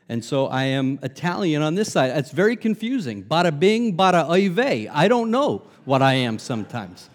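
Emphatic preacher in a reverberant hall. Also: male voice, on the high side. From Long Island, New York. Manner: emphatic preaching that swings between loud stresses and soft asides, with humor. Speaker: pastor. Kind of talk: sermon.

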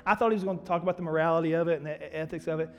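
A male pastor delivers a sermon in a quick, high voice, moving from storytelling to loud, emphatic preaching. His words ring out in a reverberant church hall while soft music plays underneath. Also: steady tone.

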